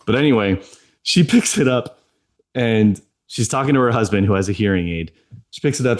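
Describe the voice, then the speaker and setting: Low-voiced man telling a story. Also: moderate pace. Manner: chatty storytelling, frequent laughs. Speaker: podcast co-host. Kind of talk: casual chat.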